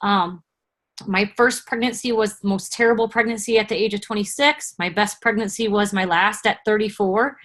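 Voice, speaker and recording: A woman in her forties shares her own story over a video call. She talks in an earnest, chatty way, with a voice of middling pitch for a woman. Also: moderate pace, a bit bright. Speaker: guest speaker.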